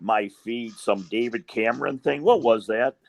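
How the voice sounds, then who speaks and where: A man's voice: mid-range voice, moderate pace, vocal fry, no room sound. A man co-hosting a podcast in casual chat, bringing up questions. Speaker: podcast co-host.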